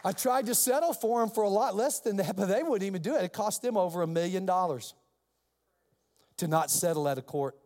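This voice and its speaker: A male pastor with a high voice delivers an animated sermon story, switching into the voices of the people in it. His words ring with the long reverb of a large hall. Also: fairly quick, some chatter behind.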